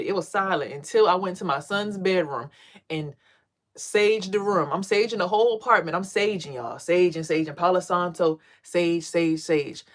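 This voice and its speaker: Animated, cussing woman telling a story. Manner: animated, profane, acts out quotes in a high voice. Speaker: vlogger and tarot reader. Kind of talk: casual storytelling vlog.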